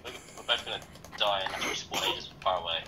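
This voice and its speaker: A young man chatting casually while playing a co-op video game, quick and hesitant with many ums. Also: deep voice, bright, forceful tone, rough recording. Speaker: co-op gamer. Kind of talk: casual gaming chat.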